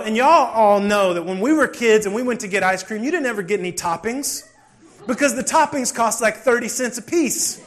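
High-voiced pastor preaching. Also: male voice. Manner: conversational preaching, swings from soft asides to loud bursts. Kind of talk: sermon with personal storytelling.

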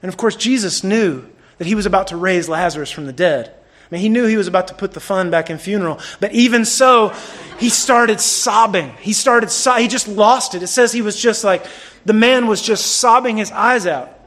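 A man preaching a sermon in a lively, conversational way, swinging between loud bursts and hushed lines. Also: high voice, normal speed. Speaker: pastor.

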